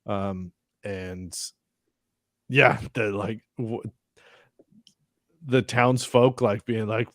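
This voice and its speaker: A man co-hosting a casual podcast chat, reviewing a TV episode, talking in an animated way, swearing and acting out scenes in quoted voices. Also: on the low side, very slow, long pauses, dry recording, clean studio sound. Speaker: podcast co-host.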